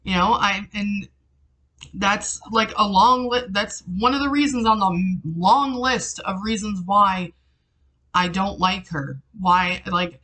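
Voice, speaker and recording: Slow-talking emotional woman vlogger. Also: mid-range voice, sharp tone. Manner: halting, full of "like" and restarts, swearing. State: emotional, close to tears. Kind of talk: emotional personal vlog. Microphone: headphones with mic.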